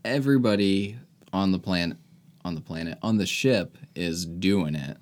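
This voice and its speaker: A man's voice: low-pitched, a little slow. A man co-hosting a casual movie review podcast, talking with dry, wry humor. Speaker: podcast co-host.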